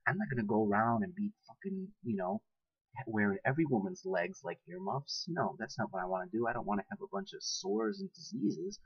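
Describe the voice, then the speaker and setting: A man's voice: mid-range voice, big pitch swings, brisk, vocal fry, husky, no room sound, muffled recording. A young man in a casual, blunt and profane monologue to camera who laughs often. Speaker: vlogger.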